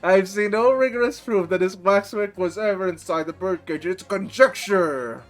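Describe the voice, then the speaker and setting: An earnest young defense lawyer pleads his case politely in a fairly high voice, as a man reads him aloud. Soft game music plays faintly underneath. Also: normal speed, natural voice.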